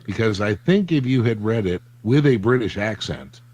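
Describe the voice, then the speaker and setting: A man on a casual book podcast, speaking deliberately with dry humor. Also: on the low side, lively intonation, a little mellow, poor audio. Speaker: podcast co-host.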